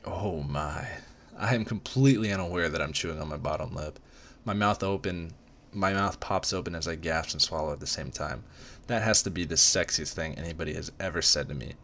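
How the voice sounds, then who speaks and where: A man's voice: deep voice, fairly quick, fairly bright tone, slight background noise. A man narrating a story in an amateur dramatic reading, in a casual manner, stumbling and restarting on words. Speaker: reader.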